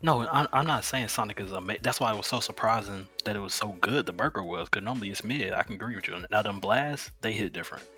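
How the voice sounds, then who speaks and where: A man from Mississippi chats loosely on a podcast, telling a story in an easy, unhurried way. His voice sits a bit low but sounds bright and forward. Faint music plays underneath. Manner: laid-back storytelling, says "you feel me" a lot. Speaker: podcast co-host. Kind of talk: casual chat.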